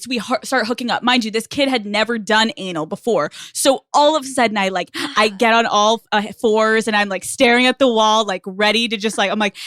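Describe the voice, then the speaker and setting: A young woman telling a story as a podcast guest in a casual chat, animated and laughing often. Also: fairly high pitch, moderate pace, no echo, clean studio sound.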